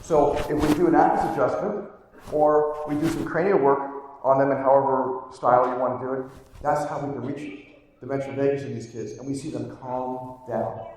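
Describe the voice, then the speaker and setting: A man who is a chiropractor giving a live conference talk, teaching briskly, quizzing the audience and repeating key terms. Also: medium pitch, fairly even intonation, darkish tone, slight background noise. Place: large hall before a live audience. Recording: echoey hall, mic from far off.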